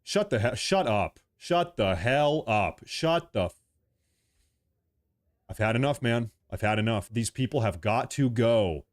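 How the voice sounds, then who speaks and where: A man's voice: mid-range voice, lively intonation, measured pace, pauses often. A man in his early thirties from the United States, giving a heated political rant full of repetition and swearing. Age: 30s. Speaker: political commentator.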